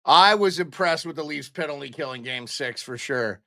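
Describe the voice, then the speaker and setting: A man's voice: a little high, normal speed, creaky, bright, forceful tone, no echo, studio quality. A young man hosting a casual pre-game live stream, chatting and greeting viewers by name.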